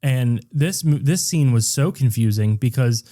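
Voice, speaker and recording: A man's voice: mid-range voice, expressive, unhurried, warm tone. A man co-hosting a podcast, recapping a movie in crude, joking casual chat. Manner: crude, joking, acts out characters in put-on voices. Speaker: podcast co-host.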